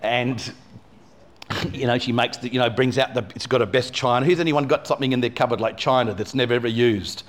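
A man's voice: medium pitch, steady tone, fairly quick. A man, a pastor telling a personal story in a sermon, rambling with many asides. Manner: rambling, lots of "you know" and restarts.

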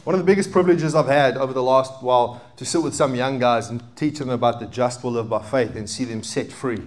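A man in his thirties preaching a sermon as a pastor, animated, swinging between loud emphatic peaks and quiet asides. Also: mid-range voice, brisk. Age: 30s.

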